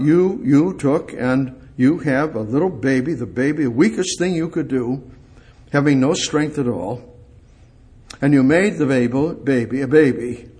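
A man preaching a sermon, speaking directly to God and repeating short phrases, swinging between loud emphatic lines and soft, hushed ones. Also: medium pitch. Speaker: pastor.

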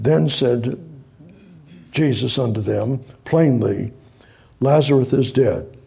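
A man's voice: medium pitch, creaky, mellow, slightly rough. A man preaching a sermon, reading scripture aloud and breaking off to explain it, repeating phrases and rising to emphatic exhortation.

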